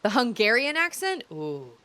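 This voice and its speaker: A woman's voice: a little high, very animated, normal speed, sharp tone, no echo. A woman casually commenting as she plays a video game, chatty and self-deprecating, often trailing off mid-thought. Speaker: game streamer. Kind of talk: casual let's-play commentary.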